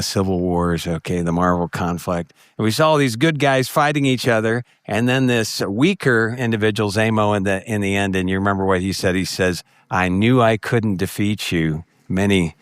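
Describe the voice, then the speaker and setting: A man's voice: a bit bright, no room sound, clean studio sound. A middle-aged man giving a conference talk to ministry workers, telling stories and acting out the voices of people he quotes. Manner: storytelling, acts out quoted voices with jumps in pitch. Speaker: conference speaker.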